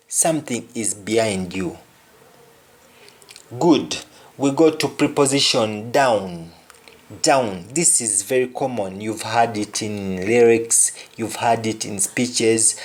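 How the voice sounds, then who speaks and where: A man's voice: medium pitch, measured pace. A man teaching a language lesson, saying each example phrase several times and then translating it. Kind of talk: slow spoken lesson with spoken examples.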